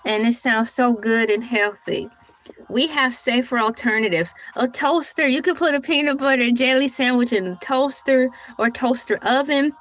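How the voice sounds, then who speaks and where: A woman hosts a casual morning livestream, chatting with viewers, laughing often, and reading search results aloud. Her voice is fairly high and a bit bright at normal speed, and the recording is rough.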